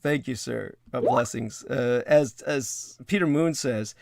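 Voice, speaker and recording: A man's voice: medium pitch, takes it slowly, vocal fry, no echo, studio quality. A man hosting a livestream, reading news passages aloud and breaking off into wry, digressive asides with many hesitations. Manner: hesitant, with frequent filler sounds. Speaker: livestream host.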